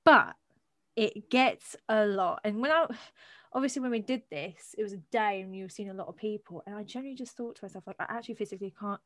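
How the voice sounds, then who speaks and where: A woman co-hosting a podcast in casual chat, animated and blunt, swearing and asking rhetorical questions. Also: mid-range voice, fast talker, no echo. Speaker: podcast co-host.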